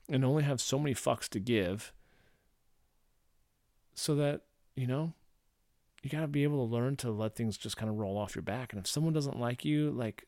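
A man's voice: medium pitch, darkish tone, no echo, studio quality. A man from St. Louis hosting a casual solo podcast, talking loosely with many fillers and acting out quotes. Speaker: podcast host.

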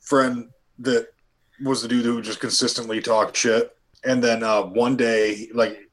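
A man's voice: medium pitch, level tone, measured pace, fairly bright tone, low-quality recording. A man bantering with crude jokes and cursing on a casual podcast. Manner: profane, laughing banter. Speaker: podcast co-host.

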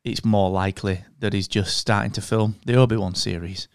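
Smooth-voiced man, dry close mic. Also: on the low side, steady tone, brisk, dry recording. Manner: enthusiastic, says "mate" and "dude". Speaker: podcast co-host. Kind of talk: casual chat.

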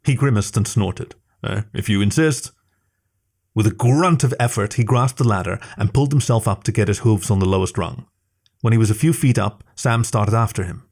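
Low voice guy reading a story out, steady narration. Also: a little fast. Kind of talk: scripted narration.

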